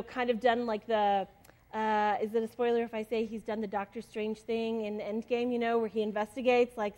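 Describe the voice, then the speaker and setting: Woman pastor, young adult, relaxed conversational sermon delivery, slightly high pitch. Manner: casual, chatty preaching with many fillers.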